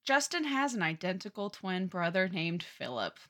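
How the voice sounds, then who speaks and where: A woman's voice: on the low side, big pitch swings, moderate pace, fairly bright tone. A woman co-hosting a podcast, recapping a novel with enthusiasm, casual swearing and frequent laughter. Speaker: podcast co-host. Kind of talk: casual book recap chat.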